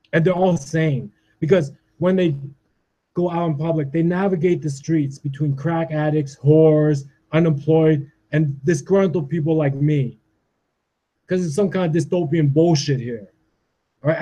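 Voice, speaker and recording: A Canadian man in his forties, with a dark-toned voice on the high side, delivers a profane, agitated ranting monologue, closing his points with "all right?"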